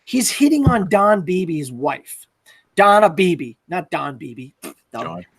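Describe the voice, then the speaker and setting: A man's voice: sits high, very animated, slow pace, noisy background. Hesitant man recapping a film. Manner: recaps scenes hesitantly with many fillers. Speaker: podcast host. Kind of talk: casual film discussion.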